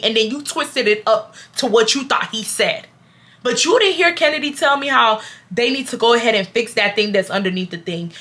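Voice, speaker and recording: Animated woman, bright voice. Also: on the high side, brisk. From Houston, Texas. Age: 20s. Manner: animated, blunt and profane. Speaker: vlogger telling a story. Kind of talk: casual storytime.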